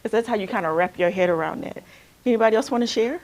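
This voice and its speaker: A counselor from Alabama leads a group workshop with sharing, talking casually and fast in a mid-range, slightly mellow voice. She's conversational and keeps checking in by asking "right?" over and over.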